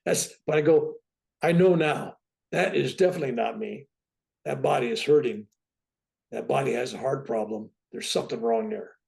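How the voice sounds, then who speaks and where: A man in his seventies, a guest on a talk show, telling his own story in a lively way and often asking "right?". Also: mid-range voice, moderate pace, creaky. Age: 70s. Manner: lively, keeps tagging "right?" onto his points. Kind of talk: animated personal storytelling.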